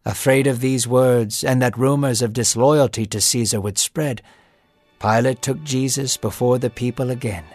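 A man's voice: mid-range voice, steady tone, normal speed, darkish tone, no echo. Dramatic male narrator, grave and intense, music playing strong under him.

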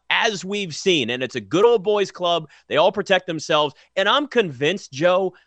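A man's voice: sits high, a bit bright, dry recording. Emphatic man ranting about sports. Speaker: sports talk co-host. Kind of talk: casual sports talk.

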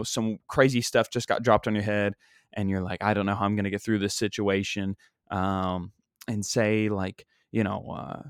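Lower-voiced rambling young comic host. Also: male voice, clear, resonant tone, dry recording, studio quality. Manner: rambling, many fillers and restarts. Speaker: podcast host and stand-up comic. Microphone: single microphone.

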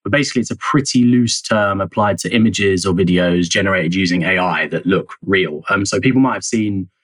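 A man with a low voice, speaking briskly as a journalist guest in an interview, gives long conversational answers full of hedges, fillers and restarts. The recording is dry and low in quality.

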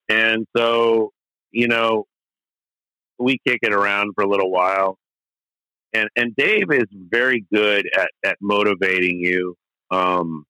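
Middle-aged guy musician rambling thru band stories, bright forceful voice, dry close sound, lots of um and restarts. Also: fairly low pitch, no room sound, rough recording. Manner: rambling, many restarts and fillers, candid and profane. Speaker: interview guest, musician. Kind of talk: casual storytelling interview.

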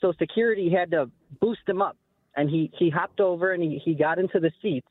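A young man calling into a sports radio show, telling a long story in a rambling, animated way. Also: sits high, brisk, dry recording. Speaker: caller. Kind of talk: call-in storytelling. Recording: dry tinny phone line.

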